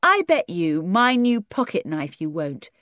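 A woman reading an audiobook and voicing a cheeky, outspoken schoolboy who talks briskly and teases. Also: fairly low pitch, big pitch swings, fairly bright tone, no room sound, clean studio sound. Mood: teasing. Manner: brisk, teasing.

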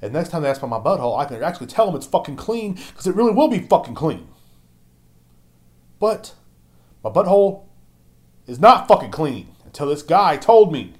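A man hosting his own podcast, ranting and rambling with constant swearing, shifting from loud outbursts to low mumbling. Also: sing-song, fairly quick, pauses often. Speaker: podcast host. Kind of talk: solo podcast rant.

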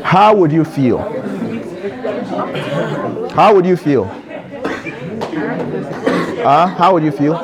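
A preacher with a somewhat high voice for a man delivers an emphatic sermon. He repeats his phrases and throws questions directly at the listeners. His delivery swings between hushed, intimate moments and loud, urgent calls. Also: animated, slow, long pauses, muffled recording, a crowd in the background. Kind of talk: sermon to a youth audience.

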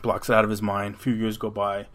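A man with a fairly low voice spins a creepy story for his podcast co-host. He rambles along and swears freely, often backing up to restart a sentence. It sounds like casual chat between friends. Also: completely flat delivery, fast, fairly bright tone. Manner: rambling, profane retelling with frequent restarts.

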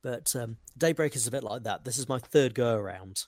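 A man's voice: mid-range voice, a little mellow, no echo, studio quality. Joking man on a podcast. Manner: enthusiastic, joking, quick asides. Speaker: podcast co-host. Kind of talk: casual chat.

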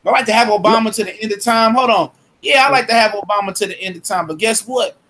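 Bright-voiced blunt man, casual chat. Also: sits high, fast. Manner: blunt, emphatic, tacks "man" onto lines. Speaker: former fire marshal.

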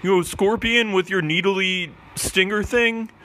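A man's voice: sits high, measured pace, pitched above the performer's own voice. A man voicing a laid-back, sweary male doctor of puppies who keeps saying "man.". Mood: reassuring. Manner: excited, sweary, says "man" a lot.

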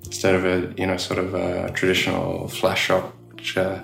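A man's voice: deep voice, completely flat delivery, normal speed, vocal fry, fairly bright tone, soft background music. A middle-aged Australian man, a tattoo artist, chatting casually in an interview and rambling with lots of fillers and restarts. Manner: rambling, many "you know" fillers and restarts. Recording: echoey room.

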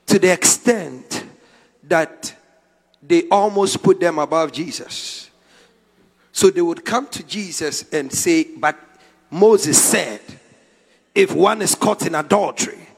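A man preaching a sermon as a prophet, dramatic, swinging from quiet asides to shouted lines. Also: on the high side, expressive, slow, breathy edge. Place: large church hall. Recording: long hall reverb.

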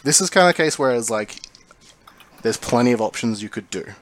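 A man narrating a tabletop role-playing game as game master, describing scenes in a calm, measured way. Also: medium pitch.

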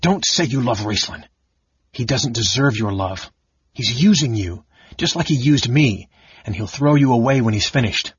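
A man voicing a burly male warrior who speaks gruffly, sometimes pleading and sometimes shouting, in an audiobook reading. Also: on the low side, moderate pace, no echo. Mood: desperate. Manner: gruff, pleading, grows loud. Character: burly male warrior, troubled and quick-tempered. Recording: dull lo-fi audiobook recording.

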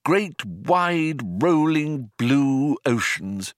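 A man's voice: mid-range voice, very animated, drawn-out words, no room sound, clean studio sound, voice pushed up. A man voicing a homesick, wistful human man in an audiobook, in an earnest, pleading tone.

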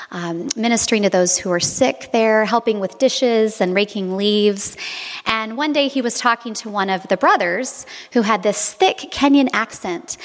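Woman giving a sermon, reflective storytelling, echo trailing off like a big hall. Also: a little high. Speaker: preacher. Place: monastery.

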